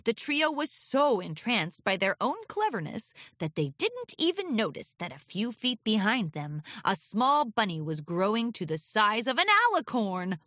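A woman reading a children's storybook aloud with expressive, lilting narration. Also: fairly high pitch, normal speed, few pauses, no echo, clean studio sound. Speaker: audiobook reader.

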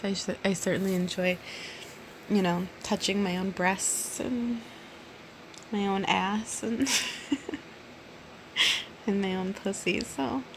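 A drunk woman in her thirties answering listener questions in a casual solo monologue, giggly and rambling, often dropping to a soft near-whisper. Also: mid-range voice, slight background noise. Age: 30s.

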